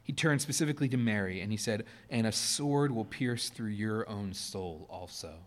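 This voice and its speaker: A man preaching a sermon to his church, earnest, pressing his points hard and then dropping to a softer, quieter tone. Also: lowish voice, moderate pace. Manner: earnest, rising to emphatic stresses then dropping soft. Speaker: pastor. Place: church sanctuary.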